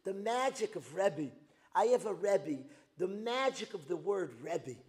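A man teaching a religious lesson as a dramatic story, repeating phrases for emphasis and building to loud outbursts. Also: sits high, lively intonation, measured pace. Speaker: Torah teacher. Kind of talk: storytelling lecture.

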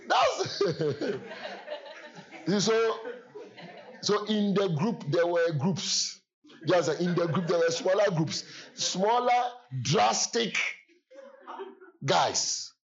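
A man preaching a sermon, telling stories from his past with sudden loud exclamations and laughter. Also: on the high side, creaky, husky, highs cut off. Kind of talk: sermon storytelling.

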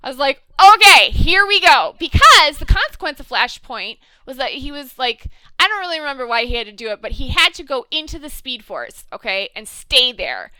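A woman in casual chat, animated and ranting, swearing freely as she talks. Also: high-pitched, a little fast, smooth, no room sound, poor audio.

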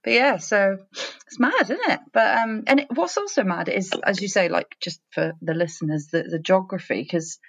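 A woman's voice: mid-range voice, normal speed, vocal fry, highs cut off. A Welsh woman from South Wales, co-hosting a podcast in chatty, playful casual conversation. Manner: chatty, animated, playful teasing. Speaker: podcast co-host. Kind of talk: casual chat.

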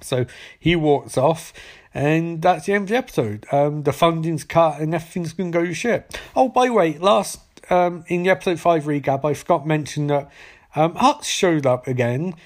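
A man's voice: on the high side, moderate pace. A man casually recapping and reviewing a TV episode in a loose, chatty way. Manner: chatty, loose, with frequent restarts.

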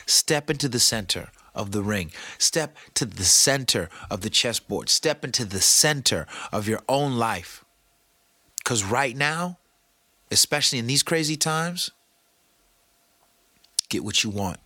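A man with a bright, forceful voice talks loosely and playfully, full of slang, as he hosts a podcast. The sound is dry and close, with no room around it. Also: medium pitch, a little slow, dry recording. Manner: animated, playful, slangy, talks to his producer. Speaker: podcast host. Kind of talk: casual motivational talk.

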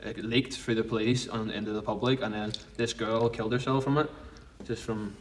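A man's voice: on the low side, steady tone, normal speed, recorded from a distance, a little hiss or hum, rough recording. A man co-hosting a podcast in casual chat, blunt and sweary as he rambles through stories. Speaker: podcast co-host.

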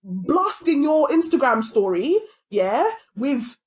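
A woman's voice: mid-range voice, lively intonation, a little slow, darkish tone, slightly rough. A British woman co-hosting a podcast, talking in an emphatic, ranting way with the odd swear. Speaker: podcast co-host. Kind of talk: casual chat.

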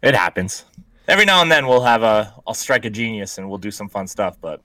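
Bright-voiced man in joking podcast banter. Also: on the low side, lively intonation, brisk, dry recording, low-quality recording. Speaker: podcast co-host. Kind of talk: casual chat.

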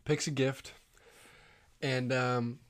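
Man, mid-pitched, casual storyteller, filler-heavy, unhurried. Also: flat delivery. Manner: rambling storytelling with many fillers.

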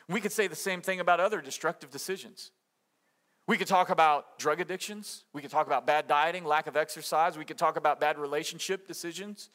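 A man's voice: high-pitched, moderate pace, a bit bright. A man preaching a sermon as pastor, conversational and emphatic, with rhetorical questions and quotes he acts out.

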